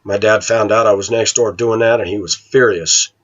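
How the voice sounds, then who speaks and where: Blunt ranting man, husky. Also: lowish voice, fairly even intonation, normal speed, highs cut off. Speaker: vlogger. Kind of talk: casual monologue to viewers.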